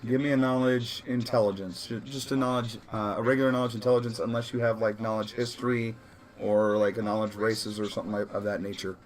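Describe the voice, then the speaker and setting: A man's voice: lowish voice, level tone, fairly quick, faint music behind. A man running a tabletop role-playing session as game master, casual and laughing, often correcting himself.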